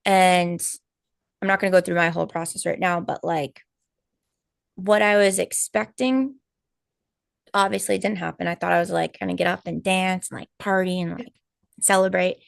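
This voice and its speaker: A woman co-hosting a live stream, telling a personal story in casual chat, animated and full of fillers and quoted asides. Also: fairly low pitch, moderate pace, creaky, pauses often, dry recording, clean studio sound. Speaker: co-host of a spiritual healing live stream.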